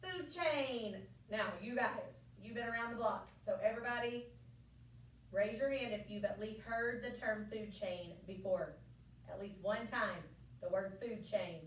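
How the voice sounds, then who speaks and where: A woman teacher giving a lively science lesson to children in a classroom, often checking with them. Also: fairly high pitch, a little slow. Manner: lively, playful, asks frequent check questions. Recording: echoey classroom from far off, faint room noise.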